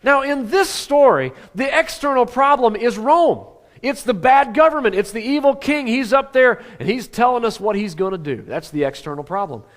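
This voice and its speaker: Brief: a middle-aged pastor, high-pitched, preaching in a chatty style full of rhetorical questions. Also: male voice, moderate pace. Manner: conversational, rhetorical questions, swings from animated to hushed. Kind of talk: sermon.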